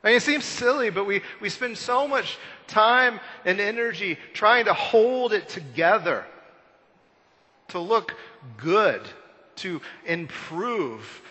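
A man in his thirties preaching a conversational Easter sermon, telling self-deprecating stories and swinging between loud and hushed. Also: high voice, lively intonation, slow pace. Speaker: pastor. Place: church sanctuary. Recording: long church hall reverb.

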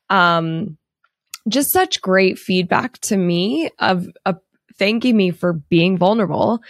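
Candid woman host, low and dry. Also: dry recording. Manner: open, reflective, confessional. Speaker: host and business owner. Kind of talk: candid personal monologue.

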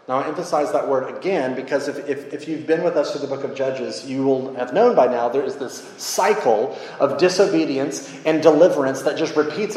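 Animated man preaching in an echoey hall. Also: fairly high pitch. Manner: animated, humorous, conversational. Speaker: pastor. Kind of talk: sermon.

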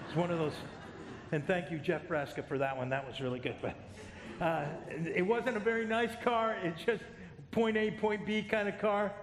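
High-voiced male pastor in echoey hall. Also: a little hiss or hum. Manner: conversational, self-deprecating humor. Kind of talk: sermon.

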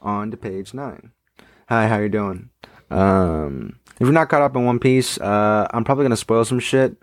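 A man's voice: fairly low pitch, normal speed, no room sound, clean studio sound. A young man hosting a podcast, reading a comic aloud and chatting casually about it with fillers and crude asides. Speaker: podcast host.

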